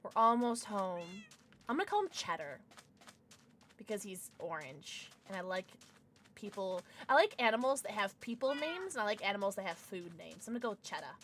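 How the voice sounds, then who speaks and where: A woman's voice: medium pitch, big pitch swings, normal speed, fairly bright tone, slight background noise. A young woman streaming a video game, chatting casually and breaking into squealing baby talk with her pets. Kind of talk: casual gameplay livestream chat.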